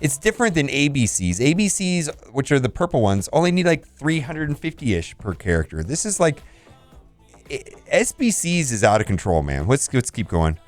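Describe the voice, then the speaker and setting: Man, casual game commentary, blunt, animated, dry sound, faint music. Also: mid-range voice, normal speed, no echo. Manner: blunt, animated verdicts with laughs. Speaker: game channel host reviewing store offers.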